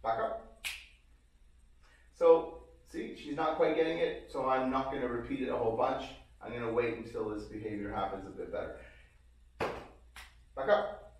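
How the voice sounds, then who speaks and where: A man teaching his dog commands, explaining calmly between short cues and breaking into high, excited praise. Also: fairly quick, far from the mic. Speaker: dog trainer. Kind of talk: casual training demonstration. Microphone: robotic tracking camera. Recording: echoey room, voice from away from the mic.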